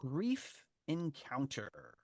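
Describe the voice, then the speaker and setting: A man's voice: mid-range voice, wildly swooping pitch, extremely slow, darkish tone, dry recording, studio quality. A man hosting a podcast, chatting casually and animatedly, with frequent laughs and fillers. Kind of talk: casual chat.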